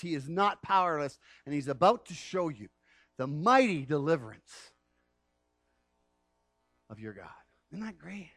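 A pastor delivers an animated sermon in a fairly high male voice. He acts out the quoted speakers, laughs between points, and swings from loud emphasis to hushed asides. The sound is dry and close. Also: no room sound. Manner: animated, rises loud on key phrases and drops to near-whispers; acts out quoted speech of Moses and God.

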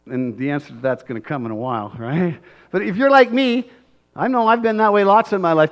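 A male pastor giving a conversational, animated sermon, often checking in with tag questions and acting out scenes. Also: high-pitched, moderate pace.

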